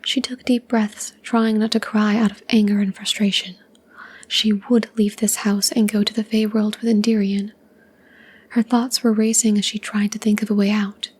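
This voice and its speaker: A woman reading a short story aloud in a soft, even ASMR whisper. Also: mid-range voice, moderate pace, slightly rough.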